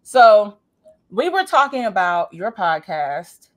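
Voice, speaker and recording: A woman hosting a casual interview, telling a story in an animated, playful way. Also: medium pitch, slow. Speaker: talk show host.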